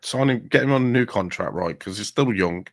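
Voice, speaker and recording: A man talking football casually, animated and sweary, calling his co-host "mate". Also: lowish voice, a little fast, no echo. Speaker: podcast co-host.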